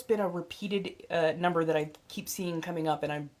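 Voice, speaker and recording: A woman's voice: lowish voice, quick pace, hardly any pauses. A young adult woman hosting a casual livestream, chatty and blunt, swearing freely and dotting her talk with fillers and laughs. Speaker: livestream host and tarot reader.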